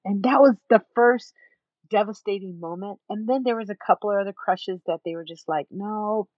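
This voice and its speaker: A woman's voice: mid-range voice, fairly quick, no echo, lo-fi sound. A woman guest in an interview, telling her own story emphatically and acting out what others said to her. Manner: emphatic, animated, acts out other people's words.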